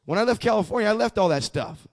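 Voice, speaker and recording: High-voiced man preaching. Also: lively intonation, fast. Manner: conversational testimony, swelling into fervent emphasis; frequent stammered restarts. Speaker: pastor. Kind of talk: sermon.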